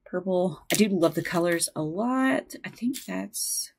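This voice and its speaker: A woman's voice: lowish voice, lively intonation, measured pace, gravelly, a little hiss or hum. A woman hosting a knitting podcast from home, chatting casually and rambling with lots of fillers and restarts. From United States. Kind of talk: casual chat.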